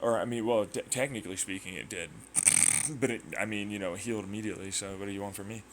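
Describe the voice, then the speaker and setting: A man hosting his own channel, talking through a rambling, excitable science monologue full of tangents, sound effects and swearing. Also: lowish voice, fast talker, very noisy. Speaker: channel host.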